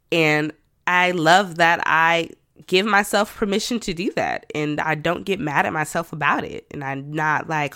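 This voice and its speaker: A woman's voice: low-pitched, fairly bright tone, no echo, clean studio sound. A woman hosting her own podcast, talking candidly and conversationally about herself, with self-talk asides and light laughs. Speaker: podcast host. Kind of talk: personal reflective monologue.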